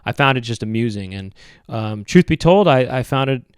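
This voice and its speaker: A man hosting a podcast, rambling through a comedic monologue in a halting, hesitant way with many restarts and drawn-out phrases. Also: mid-range voice, animated, clear, resonant tone, no room sound, clean studio sound. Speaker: podcast host.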